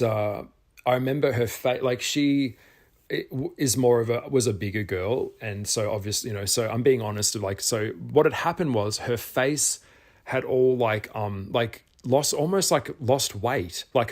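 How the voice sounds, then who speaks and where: A middle-aged man, telling a personal story in a casual vlog, animated, with some swearing. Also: medium pitch, normal speed. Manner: animated, swears, acts out his own past shouts. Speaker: spiritual vlogger.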